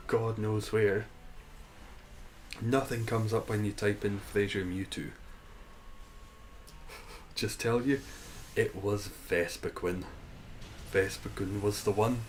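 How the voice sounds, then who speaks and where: A man's voice: fairly low pitch, a little hiss or hum, low-quality recording. A man streaming a game, chatting casually and answering his chat, laughing often.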